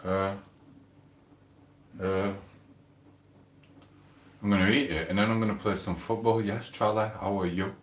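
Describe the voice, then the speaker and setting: A man's voice: lowish voice, steady tone, unhurried, long pauses, reverberant, distant mic. A man with a British accent casually chatting to his live stream viewers, rambling and mumbling fillers. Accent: British English. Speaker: livestreamer.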